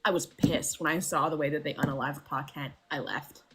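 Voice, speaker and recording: Husky-voiced nerdy woman ranting. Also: low-pitched, fairly quick. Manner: animated, nerdy, swearing. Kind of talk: casual livestream chat.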